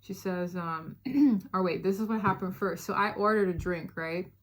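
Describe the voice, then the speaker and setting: A woman's voice: fairly low pitch, moderate pace. Chatty woman telling a storytime. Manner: animated, chatty, many fillers, addresses listeners as y'all. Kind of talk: casual storytime chat.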